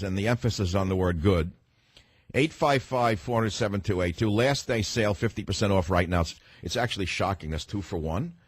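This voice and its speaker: A man's voice: lowish voice, husky, no room sound. Combative male talk radio host, dry sound. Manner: combative and emphatic, cuts off callers. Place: radio studio.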